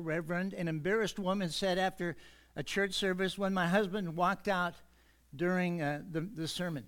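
A man with a notably high voice delivers a church sermon. He eases in with light jokes and casual asides, then slows right down to lean on the key words. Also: steady tone. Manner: warms up with jokes, easygoing asides. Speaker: pastor. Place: church sanctuary.

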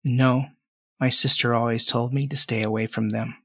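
A man's voice: medium pitch, little pitch movement, moderate pace, bright, forceful tone, no echo, clean studio sound. A man voicing a nervous, earnest boy of about ten in a tabletop game, talking in a solemn, chatty, hesitant way. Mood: worried.

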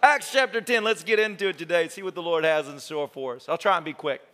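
A man's voice: a little high, fast talker. A male pastor preaching a sermon, telling a story with jokes and acting out quotes. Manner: animated, joking, acts out quotes. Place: church sanctuary.

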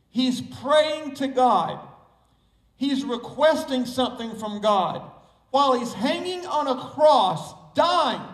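Southern guy preaching, leans hard on repeated words, mic kinda far off in an echoey room. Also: extremely high pitch. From Southern United States. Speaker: pastor. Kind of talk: sermon.

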